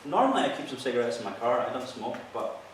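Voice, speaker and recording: A man's voice: mid-range voice, big pitch swings, quick pace. A man, a police officer, gives an earnest, explanatory training talk in a plain mid-range voice. He sounds set back from the microphone, and a big echo fills the room around him. A faint hiss sits underneath. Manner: earnest, explanatory, tells field stories. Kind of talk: presentation to an audience. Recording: echoey hall, mic from far off.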